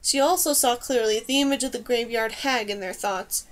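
High-voiced woman reading a fantasy story. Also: normal speed. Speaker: audiobook reader. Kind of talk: scripted narration.

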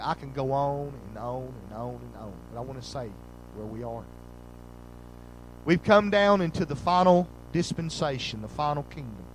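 A male pastor preaching a sermon fervently, reading old-style scripture and swelling loud on key lines before dropping low. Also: a little hiss or hum, low-quality recording. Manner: reads scripture in old King James wording.

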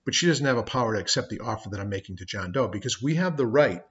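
A man's voice: mid-range voice, animated, quick pace, a bit bright, highs cut off. A middle-aged man teaching law in a conversational lecture, telling personal stories as examples. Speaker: law instructor. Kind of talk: recorded lecture. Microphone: webcam.

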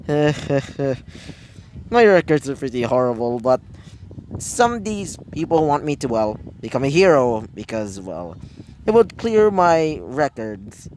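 A man's voice: medium pitch, very animated, slow, darkish tone, a little hiss or hum, low-quality recording. A man voicing a cheeky teenage girl, a former villain turned hero student, talking breezily and chuckling at herself in a fan story. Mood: breezy. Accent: claims British but sounds unchanged.

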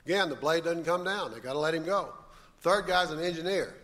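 A man's voice: on the high side, fairly quick, a bit bright, long reverb tail. A man telling jokes in a matter-of-fact storytelling way on a live radio comedy show.

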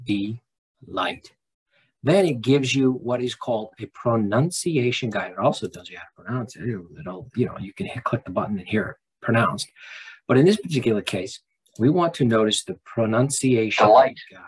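A man teacher talking students through a screen-recorded lesson in a relaxed, folksy way with frequent restarts. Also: mid-range voice, fairly quick, husky, rough recording.

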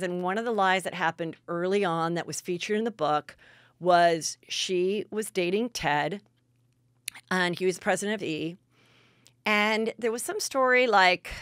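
A woman's voice: lowish voice, a bit bright, no room sound, clean studio sound. A woman hosting a podcast, telling stories in casual gossip chat and acting out what people said. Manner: chatty storyteller, acting out quotes. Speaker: podcast host.

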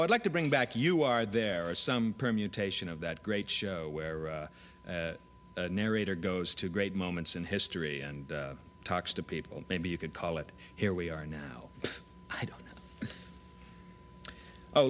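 Animated man auditioning with bright voice. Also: deep voice, slight background noise. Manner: animated, rapid switches between voices and his plain delivery. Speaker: comedian auditioning. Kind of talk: audition monologue with character voices.

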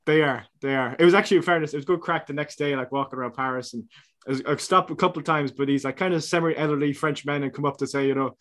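A man's voice: a little high, fast, fairly bright tone. A young Irish man co-hosting a podcast, telling stories in a casual chat with frequent laughs. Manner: laughs often, chatty storytelling with restarts. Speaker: podcast co-host.

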